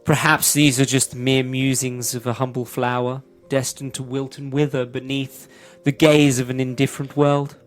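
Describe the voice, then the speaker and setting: A man's voice: medium pitch, level tone, normal speed, few pauses, soft background music, lightly acted. A man voicing a melancholy talking tulip in a tabletop game, lamenting in flowery, theatrical phrases. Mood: mournful. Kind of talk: tabletop role-play voice.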